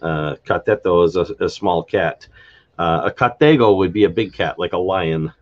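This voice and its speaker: A very low-voiced man hosts a live stream about a constructed language, casually and without a script going over word endings, stopping, starting again and spelling words letter by letter. Keyboard typing can be heard behind him, and the sound is dull and lo-fi.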